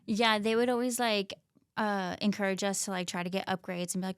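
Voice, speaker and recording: Young female trainer guest, smooth voice, slightly low; dry close mic, chatty. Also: steady tone, brisk, dry recording. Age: young adult. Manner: chatty, lots of fillers and quoted asides. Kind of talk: casual chat.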